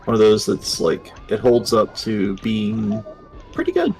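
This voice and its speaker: A man's voice: lowish voice, steady tone, a little mellow, faint music behind. A man chatting casually in a gaming commentary, rambling and restarting his sentences. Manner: rambling, halting, many restarts.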